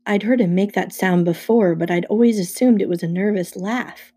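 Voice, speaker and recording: A woman narrating a first-person audiobook chapter in a steady storytelling manner. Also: on the low side, moderate pace, few pauses, husky.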